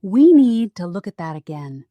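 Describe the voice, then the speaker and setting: A woman's voice: mid-range voice, very animated, moderate pace, no echo, highs cut off, close to an everyday voice. Woman reading an eager young sleuth. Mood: earnest. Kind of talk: audiobook character voice.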